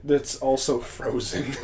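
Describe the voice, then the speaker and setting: A man co-hosting a casual podcast, talking through a horror film scene by scene. He laughs often and slips into quoted lines from the characters. His voice sits at an ordinary middle pitch for a man. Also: fairly even intonation, slow pace, darkish tone, a little hiss or hum. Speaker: podcast co-host. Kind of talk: casual movie recap chat.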